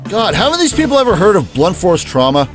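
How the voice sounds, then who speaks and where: A man's voice: high-pitched, big pitch swings, fast, soft background music. A man streaming a game playthrough, joking and reading the game's text aloud.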